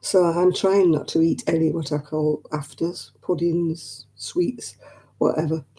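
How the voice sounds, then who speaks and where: Woman host, rambling livestream chat with viewers, easy laugh, deep mellow timbre. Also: fairly even intonation, a little slow. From northwest England. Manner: chatty, rambling, laughs easily. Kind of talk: casual chat with live viewers.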